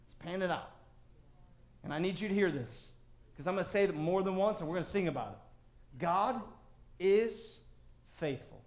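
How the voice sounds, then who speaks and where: Male pastor, high voice, animated, shifts into character voices, echoey church sanctuary. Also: moderate pace, pauses often. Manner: animated, acts out voices of crowds and God. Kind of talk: sermon.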